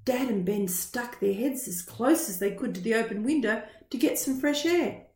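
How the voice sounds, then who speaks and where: A woman reading a children's picture book aloud in a slow, expressive storytelling style. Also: a little high. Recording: roomy echo.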